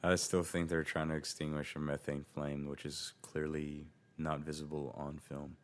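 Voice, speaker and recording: Man, deep voice, jokey casual podcast banter. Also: flat delivery, moderate pace. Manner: joking, laughs at his own puns. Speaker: podcast co-host. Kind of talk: casual chat.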